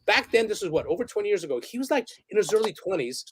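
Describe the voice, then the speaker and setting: A man with a fairly high voice tells loose, rambling stories as an interview guest. He swears freely, restarts his sentences and laughs along the way. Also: big pitch swings, quick pace, slight background noise. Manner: rambling, profane, laughs while telling stories. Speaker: interview guest, photographer and director. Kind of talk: casual storytelling interview.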